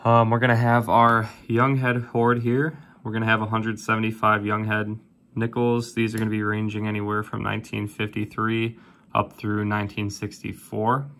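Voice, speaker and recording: The man's voice is low and flat, moving at a normal speed as he hosts a coin roll hunting video. He calls out coin dates in a steady, low-key run while sorting and chatting casually.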